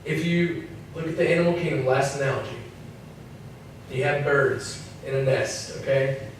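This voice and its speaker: A man's voice: medium pitch, moderate pace. A man giving a casual, joking sermon to young people, acting out little voices as he talks. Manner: chatty, acts out voices, jokes. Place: church hall. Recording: echoey room, mic at a distance, faint noise.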